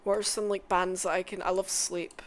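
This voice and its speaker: A woman making a casual music tier list, swearing often, mumbling asides and bursting into loud excited outbursts. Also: lowish voice, moderate pace, a little hiss or hum. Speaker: content creator.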